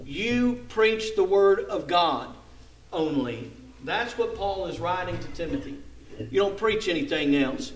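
A man preaching a sermon, reading scripture aloud and explaining it with strong emphasis, at times dropping to a soft voice. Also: high-pitched.

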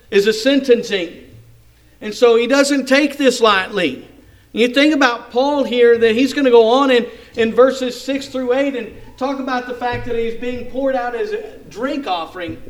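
Man, preacher, high voice, emphatic, reads scripture and explains it, sermon.

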